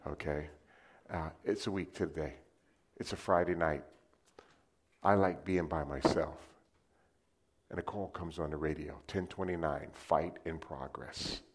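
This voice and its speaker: A man preaching a sermon, telling lively stories and acting them out with sound effects. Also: extremely low pitch, a little slow. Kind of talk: sermon with storytelling.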